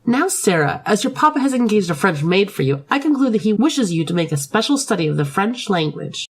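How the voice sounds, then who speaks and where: A strict, cold headmistress in a storybook game, as a woman acts her out. She scolds with a lively rise and fall in her voice. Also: mid-range voice, fairly quick, slightly rough. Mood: stern.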